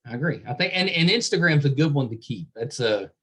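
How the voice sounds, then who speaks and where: A man's voice: on the high side, expressive, brisk, a bit bright, husky. A middle-aged man from West Virginia with a West Virginian accent, hosting a podcast interview in casual, jokey chat full of fillers and restarts. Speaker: podcast host.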